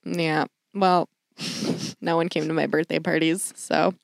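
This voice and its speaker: A woman's voice: low-pitched, little pitch movement, takes it slowly, vocal fry, dry recording, clean studio sound. A woman co-hosting a podcast in casual chat, laughing often and swearing casually. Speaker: podcast co-host.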